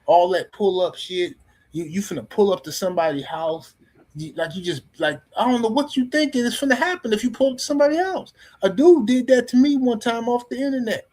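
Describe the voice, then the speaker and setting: A middle-aged man sitting on a podcast panel spins a casual yarn with blunt, profane energy, often starting sentences over. He speaks fairly quickly in a high-pitched voice.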